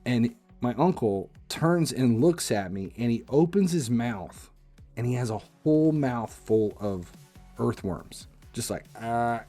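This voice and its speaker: A man's voice: medium pitch, animated, measured pace, dark tone, faint music behind. A man in his forties casually telling a long personal story as a streamer, rambling with lots of restarts and fillers.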